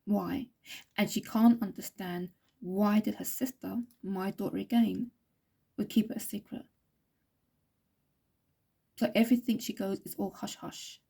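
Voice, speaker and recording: A woman's voice: medium pitch, fairly even intonation, measured pace, gravelly, long pauses, mellow, husky. A woman psychic reader who talks in long, repetitive runs as she passes on what a spirit tells her. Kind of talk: psychic reading monologue.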